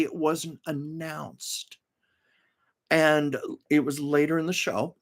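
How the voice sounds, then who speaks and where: A man with a slightly high, steady voice speaks slowly while hosting a livestream from home. He tells show-business anecdotes in a casual, chatty way, laughing often and pausing to read viewers' comments aloud.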